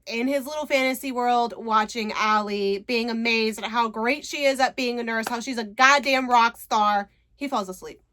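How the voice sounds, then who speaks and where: A woman's voice: on the high side, fairly bright tone. A woman casually recapping a book, chatty, retelling scenes and quoting characters' lines. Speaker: book reviewer.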